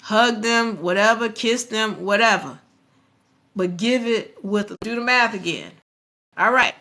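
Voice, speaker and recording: Bright-voiced woman hosting a live stream. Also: fairly high pitch, a little slow. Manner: animated, preachy, addresses viewers directly. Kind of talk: motivational live stream talk.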